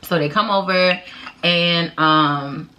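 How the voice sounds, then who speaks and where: Bright, animated young woman telling a story. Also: fairly low pitch, takes it slowly, a little hiss or hum. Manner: animated, dramatic storytelling with loud laughs and hushed whispered asides. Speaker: vlogger. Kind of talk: casual storytime.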